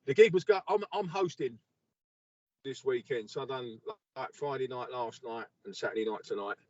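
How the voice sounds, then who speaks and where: A comedian from England co-hosting a podcast over a video call, with laid-back, sweary banter. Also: male voice, medium pitch, normal speed, darkish tone, no echo. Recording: muffled, dry call audio.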